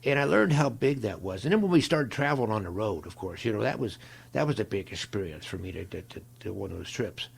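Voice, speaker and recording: An older man from Ohio, a guest on an interview show, telling stories in an animated way and acting out the voices of people he quotes. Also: on the low side, fast talker, gravelly, husky. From Ohio, USA. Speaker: guest, longtime football equipment manager. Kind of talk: storytelling interview.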